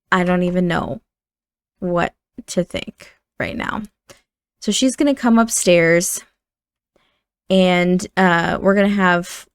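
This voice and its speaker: A woman's voice: on the low side, dry recording, studio quality. A woman hosting a gaming channel, chatting casually and rambling with fillers as she narrates a life-sim game. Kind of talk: casual let's-play narration.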